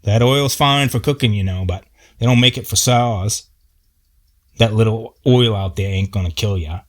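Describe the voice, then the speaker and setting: Gruff, short-fused tree-feller, put on by a man; low, blunt and profane in a storytelling read. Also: moderate pace, natural voice. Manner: blunt, profane, folksy backwoods talk.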